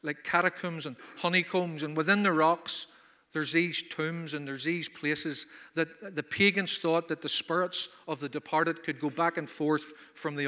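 A man's voice: fairly high pitch, sharp tone, big-room sound. A man preaching a sermon at a conference, emphatic and full of rhetorical questions. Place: conference hall.

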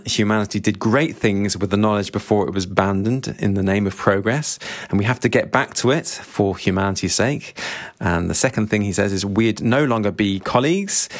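A low-voiced man talks through a novel, reading passages aloud and then musing over them. He poses questions to himself as he goes. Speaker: book discussion host.

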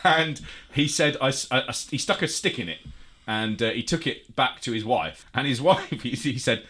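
A male podcast host tells a funny story in lively, casual chat. His voice is bright and forward, and his pitch swings widely as he laughs his way through it. He sits at a middling pitch for a man. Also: normal speed, husky.

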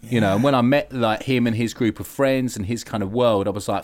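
A man's voice: medium pitch, a little fast, dry recording. A man in his thirties with a South London accent, chatting as a podcast guest, swearing freely and filling his talk with likes and ums. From England. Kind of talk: casual podcast chat.

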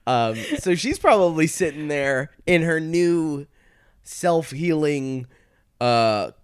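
A man's voice: on the high side, slow pace, clear, resonant tone. A man, a comedian, telling stories in a casual podcast chat, acting out quotes and swearing freely. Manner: animated storyteller, acts out quotes, swears freely. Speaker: comedian guest.

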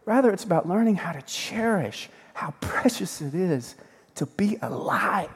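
Pastor, man, sermon; playful, swings loud to hushed; reverberant church hall. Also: high-pitched, unhurried, slightly rough. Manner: lively, joking, swings between loud and hushed.

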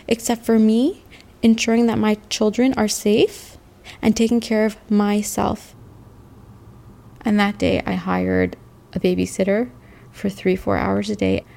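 Candid woman with gravelly voice. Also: medium pitch, warm tone. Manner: emotional, candid, halting. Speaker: interviewee. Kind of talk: personal testimony.

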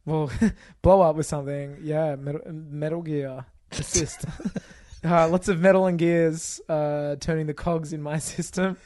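A man's voice: a little high, fairly even intonation, a little slow, darkish tone. A man co-hosting a podcast in casual chat, joking and laughing often. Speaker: podcast co-host.

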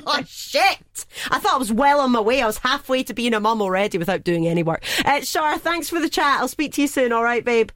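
A woman's voice: on the high side, animated, fast talker, hardly any pauses, fairly bright tone, no echo, clean studio sound. A woman co-hosting a radio show, chatting in an upbeat, bubbly way and laughing easily. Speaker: radio co-host. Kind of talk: casual radio chat. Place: radio studio.

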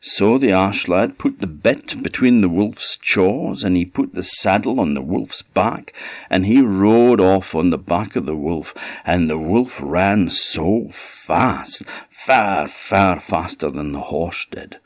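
A man with an Orcadian accent telling a folktale in an unhurried, conversational way with asides. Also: low voice, expressive, dry recording. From Orkney, Scotland. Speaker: storyteller. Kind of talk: oral folktale storytelling. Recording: slightly dull dry audio.

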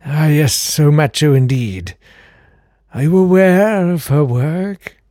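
A man voicing a fussy, flamboyant old male vampire count in a high, genteel voice, in a comic audio story. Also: takes it slowly, mellow, dry recording, studio quality. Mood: gushing. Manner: genteel, fluting and mannered.

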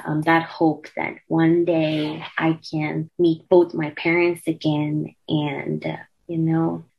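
A young woman from Myanmar speaks as an interview guest in a fairly low voice. She talks earnestly and from the heart, with many small fillers as she gathers her thoughts. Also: vocal fry, dull audio. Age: young adult. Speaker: guest, student activist. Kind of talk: emotional interview conversation.

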